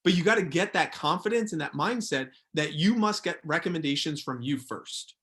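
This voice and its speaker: A man's voice: a little high, expressive, moderate pace, a bit bright. Emphatic, repetitive male sales trainer. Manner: emphatic, repeats key phrases. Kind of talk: motivational training workshop.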